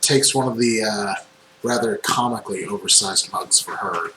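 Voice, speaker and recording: A man running a tabletop game as game master, describing scenes in unhurried narration with frequent ums. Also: fairly low pitch. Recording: echoey room with faint noise.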